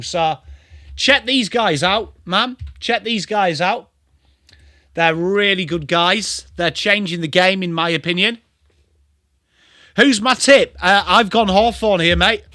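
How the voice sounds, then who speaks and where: An English man hosts a live footy watchalong stream, chatting away and calling out viewers by name in bursts of excitement. His voice sits a touch high, with a bright, ringing edge. The sound is close and dry. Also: no room sound. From England. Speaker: livestream host. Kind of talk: live sports watchalong chat.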